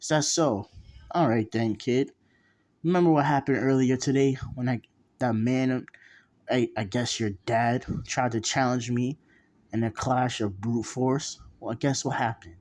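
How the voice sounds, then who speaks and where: A man's voice: medium pitch, measured pace, a little mellow, natural voice. A man voicing a huge ancient male monster who is cocky and teasing, with a mocking way of talking in a storybook retelling. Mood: taunting. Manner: mocking, calls him kid.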